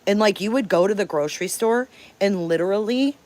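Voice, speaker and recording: A woman's voice: medium pitch, brisk, a little mellow. Blunt, swearing woman telling stories. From Detroit, Michigan. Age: 50s. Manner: candid, profane, emphatic storytelling. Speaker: channel host. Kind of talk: live-stream storytelling chat.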